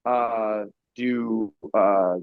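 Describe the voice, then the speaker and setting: A man's voice: on the low side, fairly even intonation, drawn-out words, smooth, no room sound. A man guest on a podcast, telling his story in a blunt, profane, casual way with easy laughs. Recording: dry, slightly muffled podcast audio.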